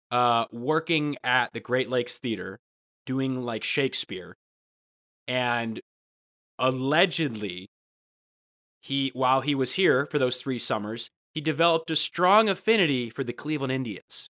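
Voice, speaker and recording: A co-host on a comedy podcast, this man from Ohio rants sarcastically and profanely in casual, joking chat. His voice is medium in pitch with a sharp tone.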